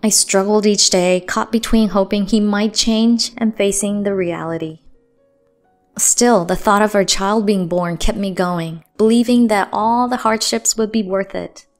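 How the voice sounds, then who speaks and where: A woman narrating a dramatic first-person story in a steady, earnest voice. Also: medium pitch. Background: faint music.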